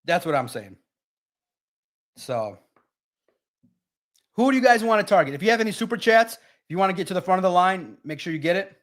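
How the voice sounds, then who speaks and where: Animated man hosting a sports live stream. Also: high-pitched, fairly quick, pauses often. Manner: animated, talks straight to chat viewers. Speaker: sports livestream host. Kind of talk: casual live-stream talk.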